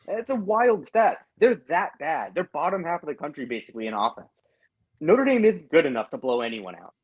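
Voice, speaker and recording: A man on a sports podcast, talking in a fairly high voice that swings widely as he fires off stats and quick jabs. He sounds lively and chatty. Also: low-quality recording. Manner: lively, quick interjections and stat-heavy takes. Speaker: podcast co-host.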